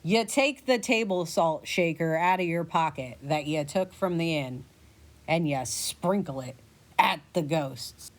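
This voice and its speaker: A woman narrating a choose-your-own-adventure story in the second person, playful and animated. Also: low voice, a little slow. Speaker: podcast narrator.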